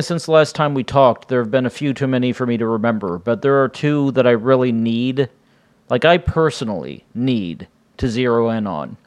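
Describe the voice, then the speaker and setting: A man hosting his own podcast, talking casually on his own, rambling and often restarting his sentences. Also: mid-range voice. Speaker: podcast host. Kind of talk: casual solo podcast monologue.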